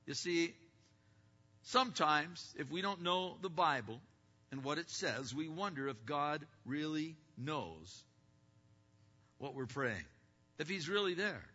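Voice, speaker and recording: High bright preacher in a reverberant hall. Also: male voice, lively intonation. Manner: preaching with sudden swings from loud to hushed; acts out distracted listeners in quick asides. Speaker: pastor. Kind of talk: sermon. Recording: dull lo-fi sound with long hall reverb.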